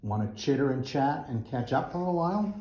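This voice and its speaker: A man voicing a squawky, mangy old male crow in a storybook, chummy and a little raised in pitch, in an echoey school room. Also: expressive, fairly quick, mellow, slight background noise, close to an everyday voice.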